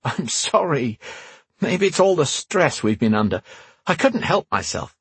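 A man's voice: fairly high pitch, sing-song, measured pace, a bit bright, breathy edge, dry recording, pitched above the performer's own voice, full character voice. A man voicing a brash young wizard who likes to play pranks, reading him in a raised voice in an audiobook. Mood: apologetic.

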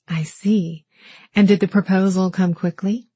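A woman voicing an earnest, direct young man in an audiobook reading, with soft, plain delivery. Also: medium pitch, steady tone, a little slow, slightly rough, no echo. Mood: curious.

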